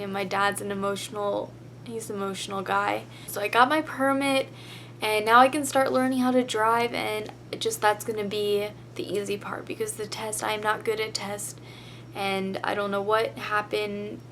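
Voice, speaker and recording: A woman's voice: medium pitch, fairly bright tone, slight background noise. A teenage girl vlogging a long, rambling story full of "like" fillers, emotional and near tears. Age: teens. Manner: chatty, rambling with many "like" fillers. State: tearful, emotional. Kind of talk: casual storytelling vlog.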